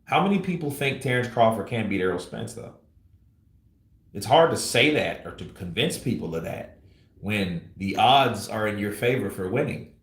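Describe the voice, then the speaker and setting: A man's voice: mid-range voice, fairly bright tone, reverberant. A man hosting a boxing commentary show, talking in a conversational, musing way. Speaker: host.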